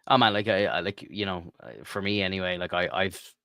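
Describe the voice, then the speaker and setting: Podcast co-host, man, deep and bright, rambling earnest chat. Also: steady tone, fairly quick, clear, resonant tone, no echo, studio quality. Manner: rambling, heartfelt, lots of fillers. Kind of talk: casual chat.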